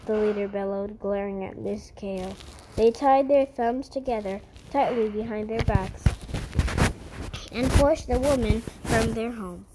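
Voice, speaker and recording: Woman storyteller, high voice, slow reading, earnest, stumbles and restarts. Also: mellow, slight background noise, low-quality recording. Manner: earnest, stumbling over words.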